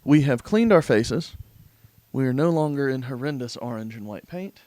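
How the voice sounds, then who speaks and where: Animated, joking man. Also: mid-range voice, normal speed, no room sound. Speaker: podcast co-host. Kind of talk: casual chat.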